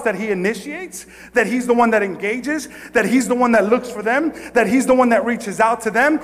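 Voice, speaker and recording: A man preaching a sermon as pastor. He swings from hushed, slow passages to shouted pleading, often repeating phrases and stammering on restarts. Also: high voice, lively intonation, big-room sound.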